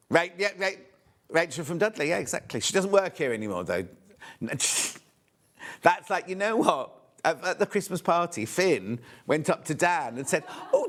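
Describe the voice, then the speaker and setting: A man from the West Midlands of England hosts a live shopping show from a TV studio. His talk is chatty and rambling, full of quick asides. His pitch sits a little high and swoops widely as he goes. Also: a bit bright. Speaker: shopping channel host.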